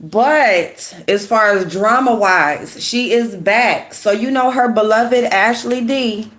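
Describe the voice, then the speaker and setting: A woman with a sick, hoarse voice chatting casually with viewers while doing her makeup, greeting them by name and gossiping. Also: on the high side, takes it slowly, a bit bright. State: sick, hoarse voice with a runny nose. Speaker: YouTube commentary host.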